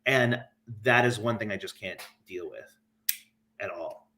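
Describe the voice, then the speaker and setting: A man's voice: lowish voice, a little slow, pushed and bright. A man who is a guest comic, chatting casually and rambling, with his talk full of filler words. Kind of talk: casual chat.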